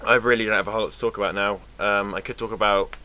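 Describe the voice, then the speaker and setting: A young British man from England talking to camera in a casual, rambling vlog, sarcastic and quick to swear. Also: fairly low pitch, fairly even intonation, bright, forceful tone, clean tone. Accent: British English. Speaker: vlogger.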